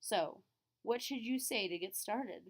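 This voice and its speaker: A woman French teacher explaining phrases to her students, clearly and patiently, modeling each word slowly. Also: fairly high pitch. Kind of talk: classroom lesson recording.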